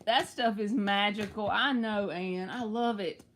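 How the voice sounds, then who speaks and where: A woman's voice: medium pitch, unhurried, slight background noise. A woman hosting a live tarot reading, talking in a chatty, reassuring way with playful slang.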